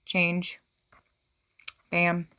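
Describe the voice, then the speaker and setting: A woman giving a tarot reading to her viewers, gushing and exclamatory, swinging between excited outbursts and hushed asides. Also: on the low side, extremely slow, clean tone, dry recording. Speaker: tarot reader.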